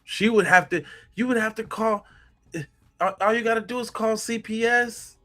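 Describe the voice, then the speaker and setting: A podcast host, a man, reacts in blunt, slangy outrage to true crime footage. His voice is bright and forceful. Faint music plays under him. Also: high voice, normal speed.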